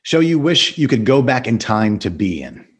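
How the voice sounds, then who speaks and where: A man hosting a casual podcast interview, upbeat and quick to laugh. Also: mid-range voice, big pitch swings, breathy edge. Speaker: podcast host.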